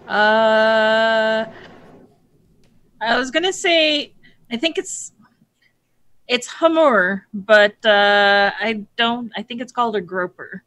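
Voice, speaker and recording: A woman's voice: fairly high pitch, takes it slowly, long pauses, fairly bright tone. A woman player in a tabletop game on a video call, speaking hesitantly and unsure.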